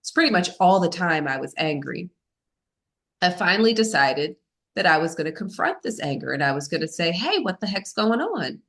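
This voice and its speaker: A woman's voice: low-pitched, lively intonation, brisk, fairly bright tone. A woman as a podcast guest, telling a personal story in a candid, self-mocking way, with many fillers.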